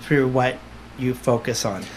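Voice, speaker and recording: A man's voice: mid-range voice, unhurried, background noise. A man, a medium guest on a podcast, answering in a confident, emphatic storytelling way and often repeating phrases for emphasis. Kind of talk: conversational interview answers.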